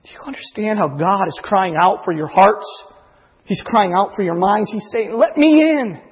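A man's voice: high voice, normal speed, slightly rough, long reverb tail. A male pastor preaching a sermon in a church, earnest and confessional, often acting out inner voices. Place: church sanctuary.

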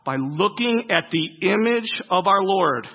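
A man preaching with a high, husky voice, posing questions to his congregation and answering them himself. He swings from loud, emphatic bursts to hushed, low passages. The recording sounds dull and lo-fi. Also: lively intonation, unhurried. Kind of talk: sermon.

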